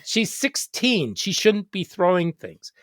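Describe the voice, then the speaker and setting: Interview host, educator, expressive, lively pitch, dry close sound. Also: slow pace, no room sound. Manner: expressive storyteller, quoting others. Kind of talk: casual interview talk.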